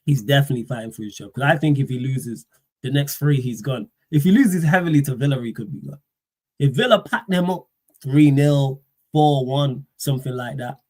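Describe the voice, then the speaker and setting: A man's voice: medium pitch, fairly quick. Slangy man ranting on a stream. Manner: animated, slangy, fires rhetorical questions. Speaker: livestream football pundit. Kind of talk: casual live-stream rant.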